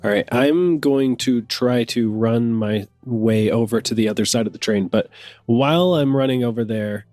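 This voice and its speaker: A man's voice: medium pitch, moderate pace, darkish tone, dry recording, soft background music. A man playing a tabletop game, talking casually and hesitantly, thinking aloud with fillers. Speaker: player. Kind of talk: casual chat.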